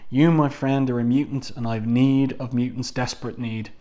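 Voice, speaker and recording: A calm, persuasive older mentor, read aloud by a man. His speech is measured and formal, and his pitch sits in the middle. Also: natural voice.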